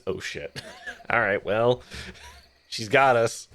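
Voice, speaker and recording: A man casually commenting on a video game as he plays, chatty and quick to swear. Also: mid-range voice, a bit bright, a little hiss or hum. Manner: chatty, swearing, laughing asides. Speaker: let's play streamer.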